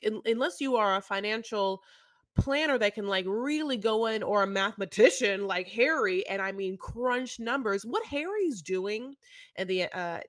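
A woman's voice: mid-range voice, a bit bright, no echo. A woman in casual podcast chat thinks aloud, rambling and restarting her sentences. Her voice sits in a middle range and the sound is dry and close. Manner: rambling, many fillers and restarts. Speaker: podcast co-host.

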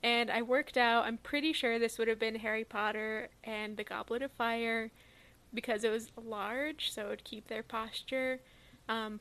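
A woman co-hosting a podcast in casual chat, rambling with filler likes and soft asides. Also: on the high side. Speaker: podcast co-host.

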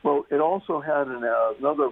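A man's voice: fairly high pitch, a little fast, gravelly. A man talking as a guest on a talk radio show, emphatic and repeating key words for stress. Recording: muffled phone-line radio sound.

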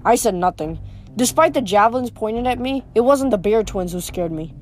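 A woman reading a novel aloud as audiobook narrator, in a steady storytelling manner. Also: a little high, moderate pace, slight background noise. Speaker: reader.

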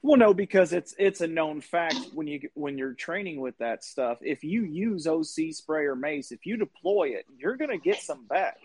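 A wisecracking man chatting casually, with a fairly high voice. His pitch moves around a lot as he cuts in with jokes. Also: lively intonation, moderate pace, few pauses, darkish tone, slightly rough. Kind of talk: casual chat with joking interjections.

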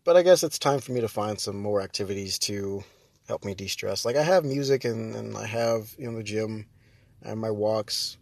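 Hosting his own podcast, a man rambles casually in a lowish voice with vocal fry, keeping a moderate pace. He often breaks off mid-sentence and laughs, and there's no echo.

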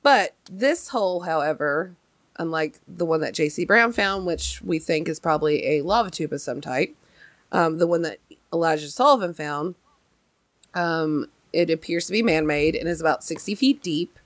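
A young adult woman hosting a podcast, telling a story in casual chat with lively emphasis and many fillers. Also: low voice, normal speed, no echo. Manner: chatty, animated, many fillers. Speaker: podcast host.

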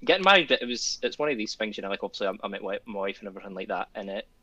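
Bright-voiced Scottish man, rambling. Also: lowish voice, expressive, rapid-fire, highs cut off. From Scotland. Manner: rambling, chuckling often, repeats himself. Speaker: guest. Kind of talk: casual chat.

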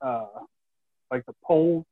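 A man's voice: medium pitch, a little slow, slightly rough, no echo. A man telling a rambling, easygoing story in casual chat, with lots of fillers. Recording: dry, dull close mic.

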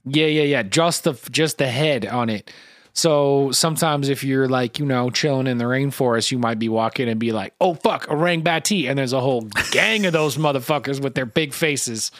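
A man's voice: medium pitch, normal speed, a bit bright, no room sound. Man, podcast co-host, casual comedic chat, swears a lot, laughs often, dry close sound. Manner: profane, rambling, laughs often. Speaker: podcast co-host guessing cryptids.

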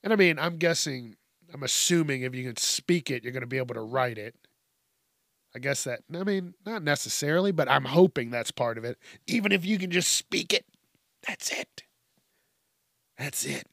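A man's voice: mid-range voice, expressive, fairly quick, gravelly, a bit bright, no room sound, clean studio sound. A man hosting a solo podcast, rambling casually with a lot of swearing and laughing at his own tangents. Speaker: podcast host.

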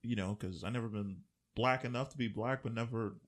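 A man co-hosting a podcast, talking casually and profanely, telling stories in bursts that swing loud and high. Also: brisk. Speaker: podcast co-host. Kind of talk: casual chat.

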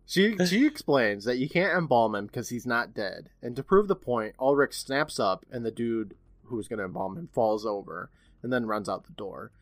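Animated man recapping a TV episode. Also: medium pitch, moderate pace, no echo. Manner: animated storyteller, puts on voices for quoted characters. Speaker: podcast co-host recapping an episode. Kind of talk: casual chat, retelling a TV episode.

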